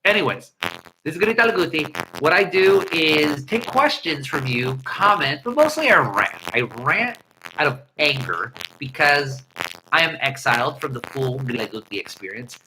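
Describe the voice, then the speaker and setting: A man hosting a livestream, ranting in an animated, profane way into a headset mic. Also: a little high, normal speed, noisy background. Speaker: livestream host. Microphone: headset earpiece mic.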